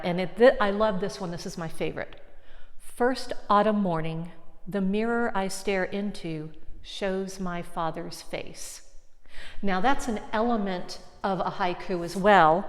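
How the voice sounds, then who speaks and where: A woman from an arts center giving an encouraging lesson, explaining things clearly to viewers at home. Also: medium pitch, in a large hall. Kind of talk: friendly video lesson.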